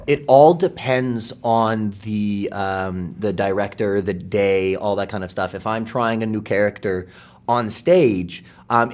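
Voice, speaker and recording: A man who works as a voice actor, chatting in an interview and telling lively stories that act out quoted dialogue. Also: lowish voice. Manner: lively anecdotal storyteller, acts out quoted dialogue. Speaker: voice actor guest. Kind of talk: casual interview chat.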